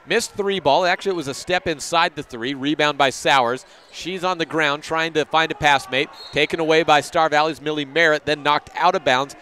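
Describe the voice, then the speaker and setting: This is a man's brisk play-by-play call of a high school girls' basketball game on local radio, with the occasional fix of a name he got wrong. His voice sounds pushed and bright, and there's a slight hiss or hum.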